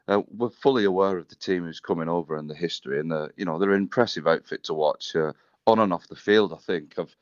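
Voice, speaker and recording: A man's voice: sits low, no echo, dull audio. A man with a Wigan accent from northern England, chatting matily as a rugby club manager in a radio interview from his office. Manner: chatty, matey, easygoing.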